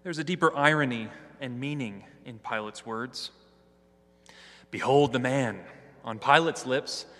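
A man reading scripture and preaching a sermon in a church, with a measured, earnest delivery. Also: mid-range voice, fairly bright tone. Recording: hall reverb.

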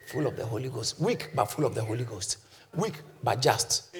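A male pastor preaching a sermon, swinging from quiet teaching to shouted calls that the congregation answers. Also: mid-range voice, sing-song, fairly quick. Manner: congregation shouts back responses.

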